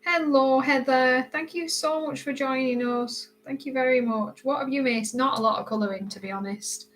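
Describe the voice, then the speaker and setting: A woman from Britain hosting a casual live stream while she colors, greeting viewers by name and answering their comments, her voice often drifting quieter as she concentrates. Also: high voice, fairly even intonation, normal speed, soft background music, low-quality recording. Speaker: livestream host.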